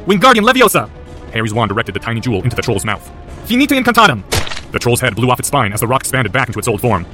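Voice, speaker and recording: Man narrating audiobook, very fast delivery, lowish voice, soft music behind. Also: fairly even intonation. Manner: rapid, intense storytelling. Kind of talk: audiobook narration of fan fiction.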